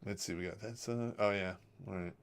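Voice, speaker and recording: A man's voice: on the low side, steady tone, a little fast. A middle-aged man hosting a livestream, telling crude, joking army stories in a casual way and reading out viewer comments, his voice often trailing off at the end of a phrase. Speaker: livestream host.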